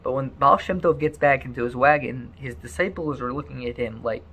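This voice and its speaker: Male storyteller, animated, stammery restarts, gravelly tone. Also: mid-range voice, brisk. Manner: animated, repeats words often.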